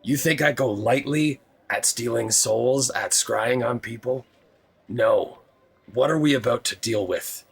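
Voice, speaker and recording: A man's voice: mid-range voice, measured pace, creaky, husky. A man playing a tabletop role-playing game, arguing earnestly and defensively in character.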